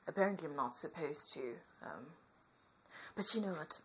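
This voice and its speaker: A woman reading a nursing workbook aloud as comedy, with theatrical asides that swing between whispers and loud outbursts. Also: low voice, animated, moderate pace, a little hiss or hum, rough recording.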